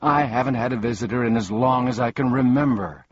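A man's voice: medium pitch, big pitch swings, a little slow, dull audio, voice pushed up. A man playing a pompous, scatterbrained ordinary man. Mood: cheery, rambling.

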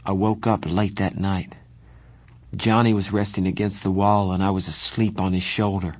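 A man narrating a first-person novel as an audiobook, reading in a steady, measured way. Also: sits low, dry recording.

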